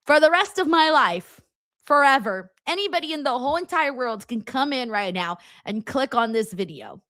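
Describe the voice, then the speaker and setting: A woman hosting a live wrestling watchalong, chatting casually and reading viewer comments. She laughs often and swears freely, with a bright, fairly high voice. The sound is close and dry. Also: animated, moderate pace, no room sound.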